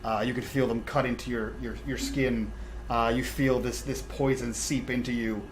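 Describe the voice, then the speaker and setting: A man serving as dungeon master narrates a tabletop role-playing game, describing scenes at normal speed in a medium-pitched, level voice. He restarts often, using "uh" and repeating words, and the rough recording carries slight background noise.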